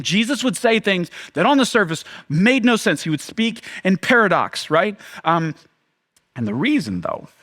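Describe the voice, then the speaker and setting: A man's voice: high-pitched, a bit bright. A young adult man, a pastor, preaching a sermon in a church, often acting out the crowd's reactions in a raised voice.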